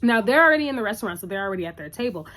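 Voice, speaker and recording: A woman's voice: mid-range voice, lively intonation, rapid-fire, a bit bright. A woman recapping a TV episode in a casual, chatty, opinionated way, full of "like" and "you know".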